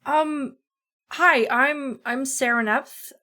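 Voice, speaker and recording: Woman player, slow and polite, lots of ums, kinda high. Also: sharp tone. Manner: hesitant, polite. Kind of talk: playing a tabletop game in character.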